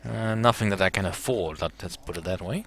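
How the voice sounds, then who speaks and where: A man's voice: low-pitched, brisk, a bit bright. A man hosting a let's play, musing aloud about the game with hesitant fillers. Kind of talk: gameplay commentary.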